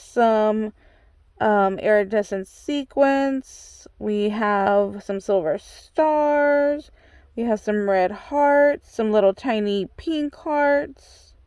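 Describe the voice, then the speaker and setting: A woman with a somewhat high voice opens a craft swap package on camera. She takes her time, lingering over each piece, and she keeps exclaiming how much she loves it all. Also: mellow, clean tone, no echo. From United States. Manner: gushing, exclaims often. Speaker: craft channel host. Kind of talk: excited unboxing chat.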